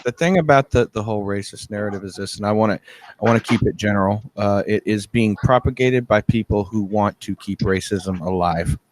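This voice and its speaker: A man explaining his view in a measured way during a casual political chat. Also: fairly low pitch, low-quality recording. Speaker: podcast guest.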